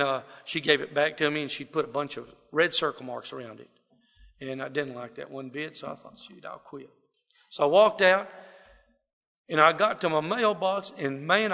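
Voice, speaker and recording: Gravelly Southern man in an echoing hall. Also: on the high side, bright, forceful tone. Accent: Southern US drawl. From South Texas. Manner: folksy and rambling, with many fillers and restarts. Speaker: speaker telling his life story. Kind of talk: personal testimony talk. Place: wooden building, to a gathered audience.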